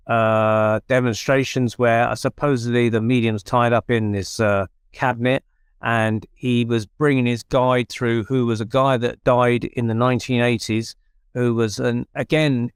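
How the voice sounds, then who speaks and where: A man, a paranormal researcher, telling an animated anecdote in casual conversation, with many restarts. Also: mid-range voice, smooth, dry recording, studio quality. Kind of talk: conversational storytelling.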